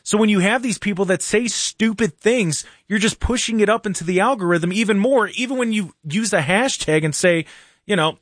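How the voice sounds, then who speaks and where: A man hosting a casual political talk radio show in a studio, animated and mocking, with jokey asides. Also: sits high, normal speed, dry recording.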